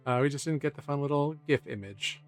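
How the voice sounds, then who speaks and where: A man running a tabletop game from his home setup, chatty and relaxed, correcting himself as he goes. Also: fairly high pitch, fairly quick, soft background music. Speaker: game master. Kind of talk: casual tabletop game chat.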